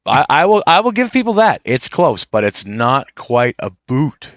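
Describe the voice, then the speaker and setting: A man's voice: mid-range voice, very animated, normal speed, no echo. Guy on a live stream, kinda defensive but chill, stammers a lot, dry close sound. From Canada. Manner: good-humored, defensive, stammers and restarts. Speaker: co-host. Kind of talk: casual live-stream chat.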